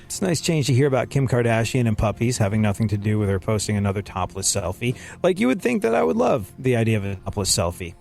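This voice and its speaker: A male show host delivering a comedic monologue, moving between sarcasm and earnest preaching. His voice sits at a mid pitch with a gravelly creak. Faint music plays under him. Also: big pitch swings, fast talker, few pauses, darkish tone.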